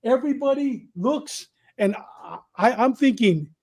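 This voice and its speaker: This podcast guest, a man from Southern California with a high voice, animatedly tells stories from prison. He retells things quickly and repetitively, acting out the quotes along the way.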